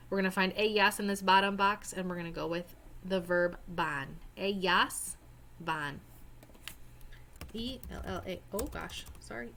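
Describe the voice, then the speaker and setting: A young woman takes students through a worksheet one step at a time, the way a teacher talks over a screen recording. Her pace is slow and deliberate. She is patient and addresses the students directly, sometimes spelling words out letter by letter. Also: medium pitch, fairly bright tone, slight background noise. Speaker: Spanish teacher. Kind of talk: screen-recorded lesson walkthrough.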